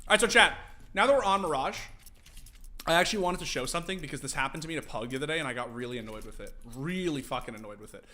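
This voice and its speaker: A young man casually streaming, teaching game tactics to his chat, animated and profane. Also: on the high side, racing. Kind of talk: casual livestream commentary.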